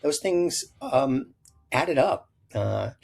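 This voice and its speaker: An older man, a chef from Illinois, talks at a middle pitch as an interview guest. He tells long, rambling anecdotes, often stopping to correct himself. He acts out quoted lines in livelier voices. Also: very animated, drawn-out words, gravelly, darkish tone, husky. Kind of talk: storytelling interview.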